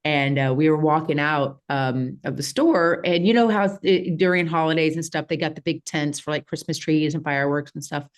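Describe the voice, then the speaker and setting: A woman, a podcast guest telling a childhood story in a casual, animated way with frequent laughs and fillers. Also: low voice, normal speed, few pauses. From Southeast Missouri, USA.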